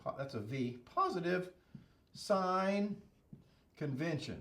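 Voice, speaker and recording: Lively, jokey male engineering instructor. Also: high voice, takes it slowly. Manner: playful, jokey, checks in with constant "okay?" and "right?". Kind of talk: classroom-style lecture at a whiteboard.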